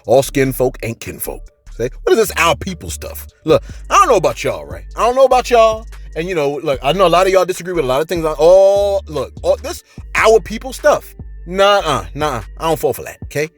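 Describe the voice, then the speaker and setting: A man hosting a casual commentary show, preachy and animated, who keeps asking "okay?" and mentions teaching a class. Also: fairly high pitch, fairly quick, soft background music.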